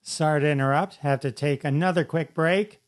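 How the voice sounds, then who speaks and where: A man's voice: on the high side, normal speed, music in the background. A man hosting a podcast, chatting casually and asking playful, eager follow-up questions. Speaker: podcast host. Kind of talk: casual interview chat.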